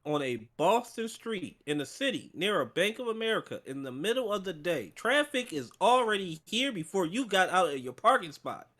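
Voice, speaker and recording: Casting note: male co-host, a bit high-pitched, very lively pitch, sarcastic and profane, relaxed book-chat delivery. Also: normal speed, hardly any pauses. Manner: animated, sarcastic, swears freely. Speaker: book club podcast co-host. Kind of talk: casual chat. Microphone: streaming setup.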